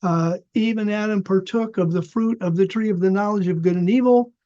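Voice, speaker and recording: A man's voice: sits high, brisk, mellow. An older man teaching an unscripted Bible study lecture, explaining with fillers and restarts. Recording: dull lo-fi recording.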